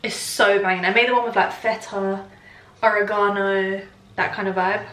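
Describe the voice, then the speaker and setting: Young woman, diary vlogger, bright, chatty and animated, stacks repeated words for emphasis. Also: mid-range voice, normal speed. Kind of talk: casual diary vlog.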